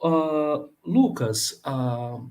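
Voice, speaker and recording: A man from Brazil with a Brazilian Portuguese accent, a professor answering questions in a live online talk, earnest and halting, with many fillers and restarts. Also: on the high side, expressive, a little mellow, slight background noise. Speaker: plenary speaker, professor.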